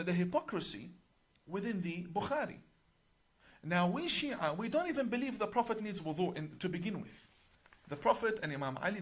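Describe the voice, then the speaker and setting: A middle-aged man, an imam, explaining a religious book to camera in a deliberate, emphatic way, slowing on key words and reciting passages in Arabic. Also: high-pitched.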